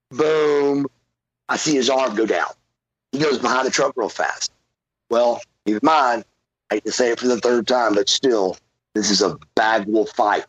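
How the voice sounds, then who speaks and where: A man spins a long, cursing story as a podcast guest, throwing himself into the voices of everyone in it. His voice is husky and a little breathy, and it sounds dry and close to the mic. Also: medium pitch, dry recording, lo-fi sound. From Georgia, USA. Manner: animated, swearing, acts out quotes. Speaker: podcast guest, former pro wrestler. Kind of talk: profane storytelling.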